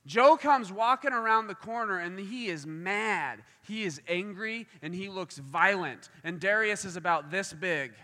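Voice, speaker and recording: A man's voice: sits high, a little slow, hardly any pauses. A man preaching a sermon, telling a story and acting out the voices in it. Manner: animated, acts out voices in stories. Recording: long hall reverb.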